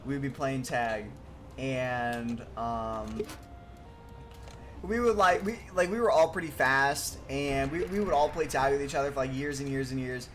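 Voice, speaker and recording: A man's voice: mid-range voice, measured pace, a bit bright, slight background noise. Young man rambling through stories on stream. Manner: rambling, filler-heavy, uses "like" constantly. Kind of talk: casual live-stream storytelling.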